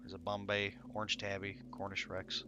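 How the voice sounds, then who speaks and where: A sleepy man rambles through casual live-stream commentary while playing a game, laughing at himself and swearing freely. His fairly low voice is monotone and moderately paced, with highs cut off, a noisy background, and game music playing underneath.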